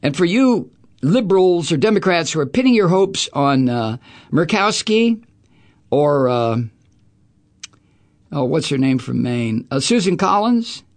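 A man's voice: on the high side, very animated, unhurried, long pauses. A middle-aged man hosting a talk radio show, ranting about politics in an angry, profane, sarcastic way. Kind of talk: political rant.

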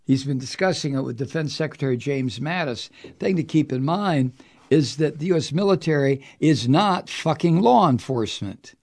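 A man's voice: on the high side, animated, moderate pace, darkish tone. Angry, sarcastic male talk host. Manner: angry, profane, sarcastic commentary. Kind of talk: political commentary talk show.

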